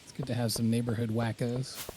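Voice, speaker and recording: A man's voice: mid-range voice, flat delivery, fairly quick, darkish tone, slight background noise. A man in casual chat while streaming a farming game, talking in a rambling, hesitant way with frequent fillers. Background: game music.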